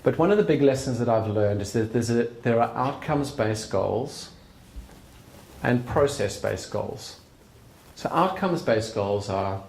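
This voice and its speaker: A man's voice: medium pitch, animated, unhurried, vocal fry, a little mellow, slight background noise. A middle-aged man giving an earnest, conversational talk at an evening event in a bar's function room. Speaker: speaker. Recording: roomy live venue sound.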